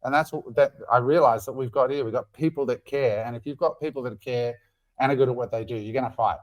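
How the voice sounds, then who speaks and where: A man's voice: mid-range voice, fast talker. A middle-aged man co-hosting a podcast, chatting casually and swearing freely. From Australia. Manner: animated, swears freely, acts out quotes. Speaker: podcast co-host.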